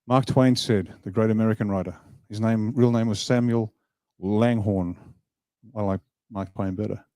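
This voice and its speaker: A man's voice: fairly low pitch, normal speed, no room sound, studio quality. A man giving an emphatic motivational speech at an event, joking with the crowd. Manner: emphatic, animated, jokes with the crowd. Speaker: party leader giving a speech. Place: event hall.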